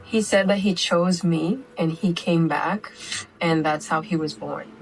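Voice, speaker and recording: A woman with a lowish voice tells her story steadily and earnestly, like an interview testimony. A faint hiss of room noise sits under her words. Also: a little slow. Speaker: mother telling her family's story.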